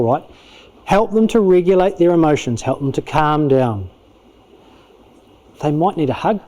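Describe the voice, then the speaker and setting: A middle-aged man with a New Zealand accent, a clinical psychologist giving an animated parenting talk at a church, acting out parents and kids in quick asides. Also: a little high. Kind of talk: lively spoken teaching talk. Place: church auditorium.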